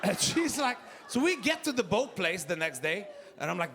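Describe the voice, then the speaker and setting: A man in his fifties with a Québécois French accent doing a loud, animated stand-up set, shouting his punchlines. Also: high voice, moderate pace, hardly any pauses, slight background noise. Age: 50s. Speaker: stand-up comedian. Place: comedy club stage. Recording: live club with loud crowd laughter. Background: audience laughing.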